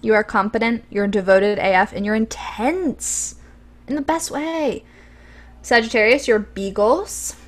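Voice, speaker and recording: An unhurried young woman with a voice on the high side co-hosts a podcast. She chats casually and eagerly, often filling pauses with "um."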